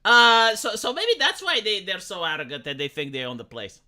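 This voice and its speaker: Bright, animated ranting young woman. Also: mid-range voice, a little fast. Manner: profane, exasperated, rambling with restarts. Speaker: live streamer. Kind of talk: ranting casual chat.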